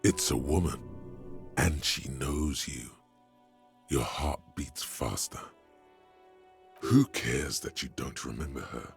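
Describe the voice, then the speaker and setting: An actor voicing a brooding, ominous narrator in a video game, speaking in a slow, solemn, descriptive way with a deep, gravelly voice. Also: male voice, heavily acted. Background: faint game music.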